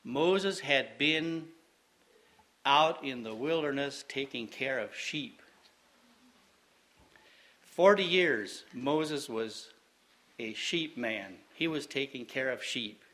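A man preaching a sermon, slow and deliberate, repeating phrases for emphasis. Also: mid-range voice, expressive, pushed and bright.

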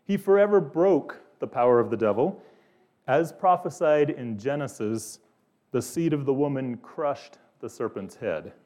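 A man's voice: medium pitch, lively intonation, a little slow, mellow. A male pastor preaching an earnest sermon, posing questions to his listeners.

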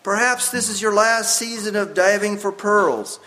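A man's voice: high voice, unhurried, bright, forceful tone, voice pushed up. A man voicing an earnest missionary who urges his old friend with an urgent, pleading voice.

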